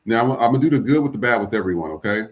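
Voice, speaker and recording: A man with a fairly low voice hosts a casual podcast. He talks in a loose, chatty way, stopping and restarting as he goes along. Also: animated, rapid-fire. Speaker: podcast host.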